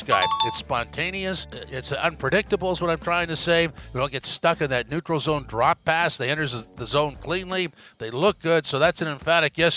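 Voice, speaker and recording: Emphatic, bright-voiced male podcast host. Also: fairly high pitch. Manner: energetic, emphatic catchphrase delivery. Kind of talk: upbeat solo podcast segment.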